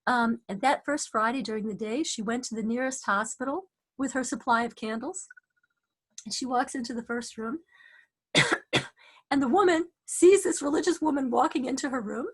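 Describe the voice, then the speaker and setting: A woman casually telling a story, animated, with many restarts, acting out the voices of the people in it. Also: high-pitched, moderate pace, breathy edge.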